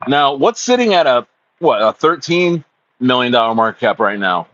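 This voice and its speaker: Excitable young man rambling on a stream. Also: medium pitch, normal speed, no room sound, lo-fi sound. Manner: excitable, rambling, says "bro" and "dude" often. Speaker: crypto livestreamer. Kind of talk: casual livestream chat.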